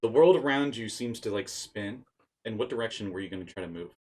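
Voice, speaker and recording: A man's voice: on the low side, expressive, fairly quick, a little mellow, breathy edge. A man acting as dungeon master, narrating and calling rolls in a playful manner. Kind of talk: running a tabletop game.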